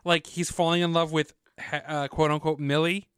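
Clear-voiced man in casual podcast chat. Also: on the high side, moderate pace, no room sound, studio quality. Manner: animated retelling of scenes, acting out quotes. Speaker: podcast co-host.

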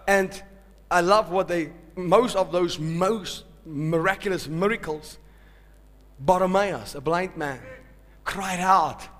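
A male pastor preaching a sermon, swinging from hushed, slow lines to loud shouted peaks, and calling out to the congregation. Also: sits high. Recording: long hall reverb.

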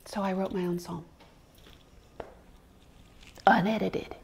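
A woman's voice: mid-range voice, fairly even intonation, slow pace, creaky, slight background noise. A woman giving a candid personal testimony of faith to a class, blunt and frank, with laughter mixed into earnest talk.

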